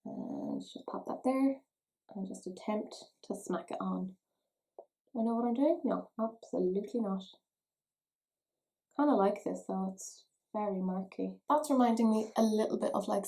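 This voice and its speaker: This is a woman from Ireland, a beauty vlogger, doing her makeup at home while she jokes around and mocks herself in a casual tutorial chat. Her warm voice sits at medium pitch and moves at a moderate pace, though the audio is poor.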